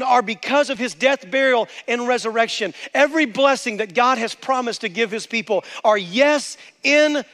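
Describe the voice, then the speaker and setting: A man's voice: very high-pitched, a bit bright. A male pastor preaching a sermon with passion, calling out to the congregation for amens. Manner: impassioned preaching, calls for amen. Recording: long hall reverb.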